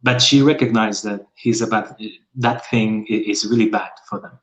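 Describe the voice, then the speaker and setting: A man's voice: fairly low pitch, fairly even intonation, moderate pace, a bit bright, low-quality recording. A young man from Portugal, chatting casually in English with a playful, joking manner. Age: young adult. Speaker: conversation partner.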